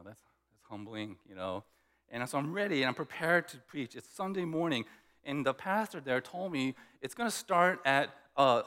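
A man's voice: medium pitch, a bit bright, long reverb tail. A man preaching a sermon, telling a story and acting out both sides of conversations. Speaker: pastor.

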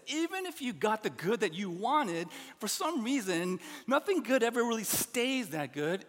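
A middle-aged man preaching a sermon as pastor, earnest and animated, with many restarts and asides. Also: sits high. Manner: animated, earnest, with frequent restarts and "you know". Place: church sanctuary. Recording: long hall reverb.

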